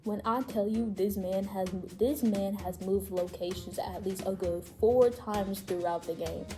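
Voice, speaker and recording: Mellow-voiced woman rambling through a story. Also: medium pitch, measured pace, faint music behind. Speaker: co-host. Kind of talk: casual chat, recapping a game.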